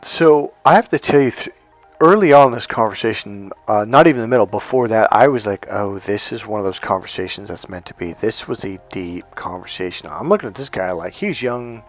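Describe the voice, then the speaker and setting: A man working as a life coach, telling a personal story in a loose, animated way, swearing freely and often breaking off mid-sentence. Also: on the low side, fairly quick, soft background music. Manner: animated, profane, self-interrupting. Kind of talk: casual storytelling monologue.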